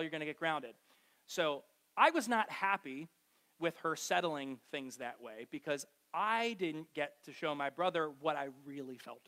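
Middle-aged guy preaching, chatty and self-mocking, voice sits a bit high, tells stories to the church crowd. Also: fairly bright tone. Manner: conversational, self-mocking storytelling with acted-out quotes. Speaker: pastor. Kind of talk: sermon. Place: church hall with a live congregation.

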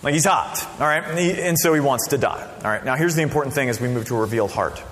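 A man preaching a sermon as a pastor, casual and conversational, with sudden loud bursts. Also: mid-range voice, animated, fast. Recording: long reverb of a hall.

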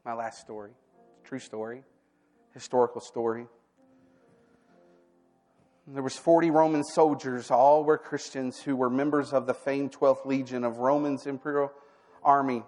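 A man preaching a sermon, telling personal stories and acting out the dialogue with lively energy. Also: mid-range voice, unhurried, long pauses, soft background music. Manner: animated storytelling, acting out quoted dialogue.

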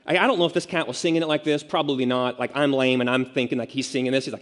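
A man's voice: medium pitch, fairly even intonation, racing, few pauses. A man preaching a sermon in a conversational way, with self-mocking asides and acted-out quotes. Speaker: pastor. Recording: long reverb of a large hall.

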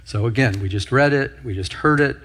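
A man's voice: mid-range voice, a little fast, a bit bright, a little hiss or hum. A middle-aged man who is a pastor, preaching a teaching sermon, often repeating phrases and asking his listeners questions.

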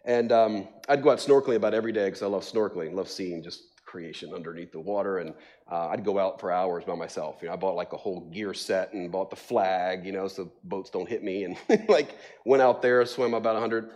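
A middle-aged pastor with a low, slightly quick voice tells funny stories during a sermon in a church sanctuary. His storytelling to the congregation is animated and self-mocking, full of laughter and fillers like "um" and "like."

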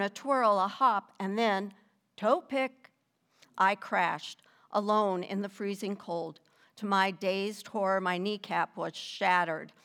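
Slow, smooth-voiced older woman telling her testimony. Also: mid-range voice. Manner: measured, deliberate storytelling with gentle emphasis. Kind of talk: scripted personal faith testimony.

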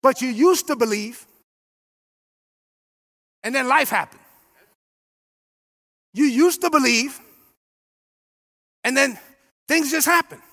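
Male pastor, very high voice, gravelly, animated shouting sermon. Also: long reverb tail. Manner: animated, shouting call-and-response preaching.

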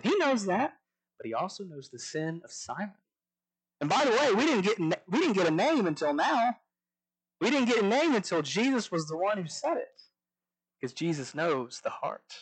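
Fairly high-voiced young man preaching. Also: big pitch swings, moderate pace, husky, poor audio. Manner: conversational with frequent restarts and asides; reads scripture aloud and questions it. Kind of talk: sermon.

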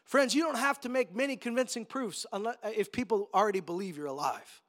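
A pastor giving a sermon in a conversational storytelling way that rises to emphatic moments. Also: male voice, high voice, brisk, a bit bright.

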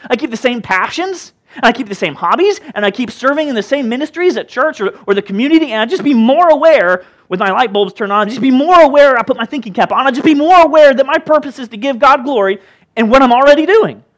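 A male pastor preaching a sermon in an animated, conversational way, with jokey asides. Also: extremely high pitch.

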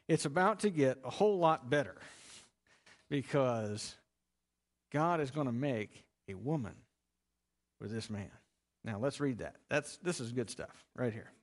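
A man teaching a Bible lesson in a conversational, emphatic way, explaining step by step. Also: medium pitch.

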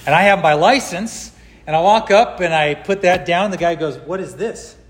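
A man's voice: sits high, moderate pace. A middle-aged man from California preaching a sermon, telling a personal story and acting out the people he quotes. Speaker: pastor. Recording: long hall reverb.

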